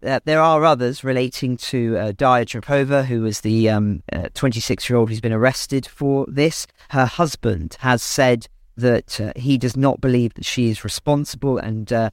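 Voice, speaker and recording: A man's voice: mid-range voice, moderate pace, hardly any pauses, smooth, no room sound, clean studio sound. A man co-presenting a news podcast, giving analysis with frequent fillers and self-corrections.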